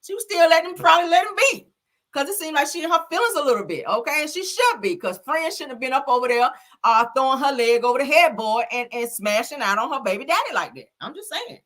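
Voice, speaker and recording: Reacting to comments from her viewers, this live-stream gossip host talks quickly in a high voice. Her casual chat is sassy, lively, packed with slang and frequent laughter.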